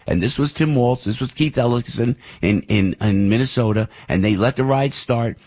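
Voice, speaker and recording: A man's voice: lowish voice, breathy edge. Fired-up older New man ranting. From New Jersey. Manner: fired-up, indignant, rising to near-shouting. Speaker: radio show host. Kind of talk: political commentary rant.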